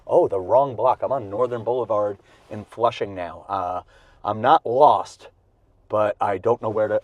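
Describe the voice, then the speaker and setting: A man's voice: mid-range voice, dry recording. A comedian hosting his podcast while driving, talking in a rambling, self-mocking way with lots of fillers and restarts, a bit out of breath. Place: inside his car in cold weather. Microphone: video camera in car.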